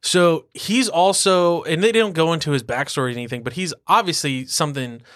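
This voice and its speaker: A man co-hosting a podcast in casual chat, animated and swearing freely, often jumping into high-pitched impressions. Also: a little fast, dry recording, clean studio sound. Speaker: podcast co-host.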